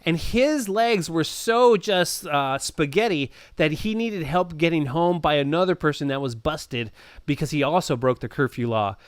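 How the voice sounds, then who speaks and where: Lively high-voiced man reading news casually. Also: normal speed, clear, resonant tone, no echo, clean studio sound. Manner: laughs often, stumbles and repeats words. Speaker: podcast co-host reading news stories. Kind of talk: casual podcast banter.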